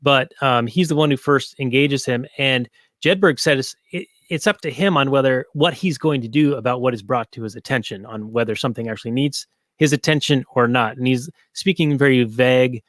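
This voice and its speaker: A man's voice: medium pitch, fairly quick, fairly bright tone, dry recording. Rambling man in casual chat. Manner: rambling, filler-heavy, many restarts. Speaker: podcast co-host. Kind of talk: casual movie review chat.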